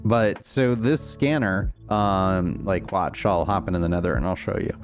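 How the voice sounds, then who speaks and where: A man's voice: sits low, normal speed, soft background music. A young man chatting casually on his livestream while playing, rambling and answering chat with lots of fillers. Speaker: streamer.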